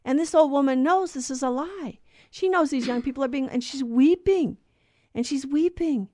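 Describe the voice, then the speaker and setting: A woman's voice: high voice, normal speed, mellow, no echo, studio quality. Earnest woman co-host telling a faith lesson. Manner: earnest storyteller who acts out quoted voices. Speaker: co-host of a Catholic talk show. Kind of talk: conversational faith teaching.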